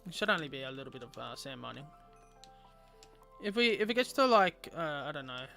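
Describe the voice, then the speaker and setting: A man's voice: a little high, lively intonation, brisk, gravelly, sharp tone, faint music behind. A man streaming a game, chatting casually with viewers and rambling aloud with lots of fillers.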